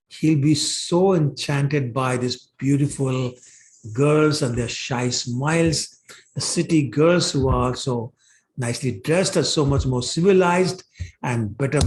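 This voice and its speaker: A man's voice: medium pitch, a little mellow. A man teaching a scripture class in a casual storytelling way, with many fillers, acting out what the characters say. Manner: conversational, many fillers like "you know", voices characters' lines. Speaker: class speaker.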